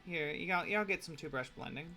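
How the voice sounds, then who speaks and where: A man's voice: on the high side, moderate pace, pushed and bright, faint music behind. A young man chatting casually while he paints on a live stream, joking and explaining each step.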